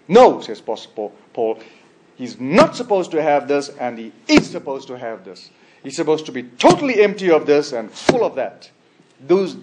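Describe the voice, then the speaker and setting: Male pastor, somewhat high-pitched, preaching emphatically; swings between loud high peaks and quiet trailing ends. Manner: frequent restarts and repeated words. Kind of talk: expository sermon.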